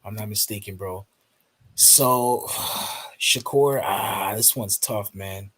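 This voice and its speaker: Laid-back husky man chatting. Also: on the low side, slow pace, fairly bright tone. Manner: laid-back, says bro and man a lot. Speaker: panelist. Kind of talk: casual podcast chat.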